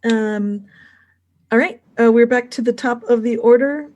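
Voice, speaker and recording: A woman's voice: fairly high pitch, measured pace, darkish tone, dull audio. A woman narrating as game master of a tabletop game, rambling with many fillers.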